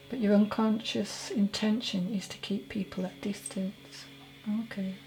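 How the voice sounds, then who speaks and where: A woman giving a solo mediumship reading as a psychic medium, talking in a halting, chatty way and correcting herself as she goes. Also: medium pitch, mellow, poor audio.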